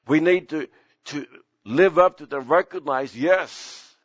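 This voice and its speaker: A man's voice: slow pace, no room sound. Impassioned older male preacher, lo-fi. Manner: impassioned preaching with sudden climbs in pitch. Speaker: pastor. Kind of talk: sermon.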